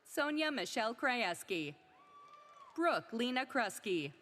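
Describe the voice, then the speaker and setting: A woman's voice: a little high, big pitch swings, unhurried, a bit bright. A woman reading graduates' names aloud, one after another, at a commencement. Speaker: commencement name reader.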